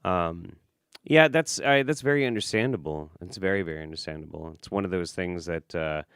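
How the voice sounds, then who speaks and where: A man's voice: deep voice, fairly quick, a bit bright, smooth, dry recording, studio quality. A man hosting an interview, asking reflective questions with hesitant restarts. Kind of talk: conversational interview.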